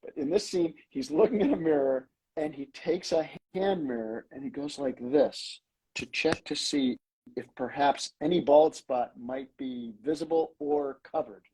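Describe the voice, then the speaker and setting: Husky guy telling stories, acts out the lines, kinda high voice. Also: very animated, a little slow, mellow, low-quality recording. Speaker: guest, comedy writer. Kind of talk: anecdotal storytelling.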